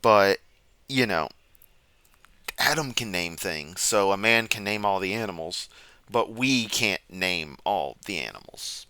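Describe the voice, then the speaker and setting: Bright crisp sarcastic male commentator. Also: low-pitched, expressive, a little slow, no room sound. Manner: sarcastic, rambling. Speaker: commentary streamer. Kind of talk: reaction commentary. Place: home room, seated.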